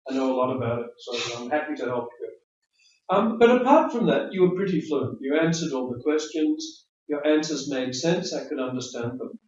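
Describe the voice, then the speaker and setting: English examiner in a roomy classroom. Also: male voice, mid-range voice, animated, moderate pace, darkish tone. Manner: friendly, chatty, explanatory, repeats words. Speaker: IELTS speaking examiner giving feedback. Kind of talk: spoken feedback after mock test. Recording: roomy, distant, dull classroom audio.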